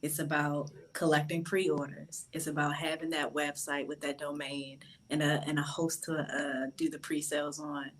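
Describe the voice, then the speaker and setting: A woman with a low voice speaks as a publishing consultant, laying out steps firmly and hitting key points hard. She talks in an instructive, punchy way over a video call. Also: little pitch movement, normal speed, hardly any pauses, slight background noise, poor audio. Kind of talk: giving advice on a panel.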